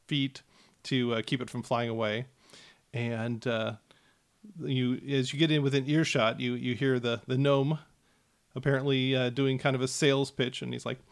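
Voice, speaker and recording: A man narrating a tabletop game as game master, his voice sitting at an ordinary middle pitch. He describes scenes in a relaxed, unhurried way, filling pauses with "uh" and "um". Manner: relaxed narration with many fillers.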